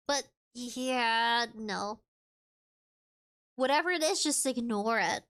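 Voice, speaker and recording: A woman's voice: a little high, slow pace, a bit bright. A woman chatting casually on a live stream, reading viewer comments aloud and giggling often in a playful way.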